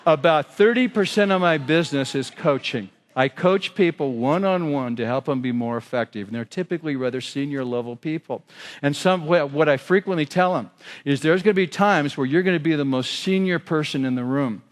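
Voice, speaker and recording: A man giving a keynote speech on sales, telling stories and questioning the audience. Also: on the high side. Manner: storytelling with quoted voices and audience questions. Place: large hotel ballroom. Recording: long hall reverb.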